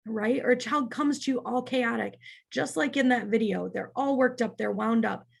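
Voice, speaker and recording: A woman's voice: on the high side, normal speed, creaky. A woman leading a childcare staff training in a church parlor, practical and often checking in with "right?".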